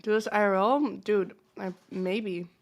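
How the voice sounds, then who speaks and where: A woman's voice: mid-range voice, steady tone, measured pace. A woman streamer trading crude, teasing jabs with a friend while gaming, swearing a lot and chewing into her mic. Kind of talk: casual gaming stream banter.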